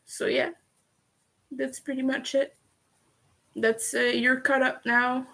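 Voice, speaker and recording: A woman's voice: high-pitched, little pitch movement, takes it slowly, gravelly, sharp tone. A young woman chatting candidly on a livestream, heated at times and swearing freely. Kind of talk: casual livestream chat.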